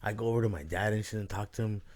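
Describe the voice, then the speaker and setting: This young podcast host has a low, darkish voice and a steady tone, and he races through a loose conversation. He swears frequently and laughs throughout the casual chat.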